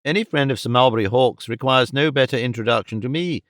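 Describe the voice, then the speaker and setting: A man's voice: mid-range voice, fast talker, a bit bright, dry recording, natural voice. Guy doing a flustered vain mum from an old novel, fussy and preening, dry close mic. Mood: gracious. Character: fussy, flustered, vain middle-aged mother.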